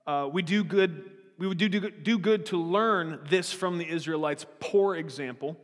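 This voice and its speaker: A male pastor with a fairly high voice, preaching in a loose, conversational way with joking asides and questions to the room. His voice carries a long reverb from a church hall. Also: normal speed. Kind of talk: sermon.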